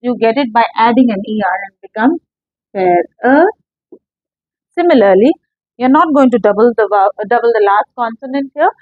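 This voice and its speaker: Patient female English teacher, higher voice, dry lo-fi classroom-lesson recording. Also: animated, moderate pace, dry recording. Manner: patient, explains step by step with questions to students.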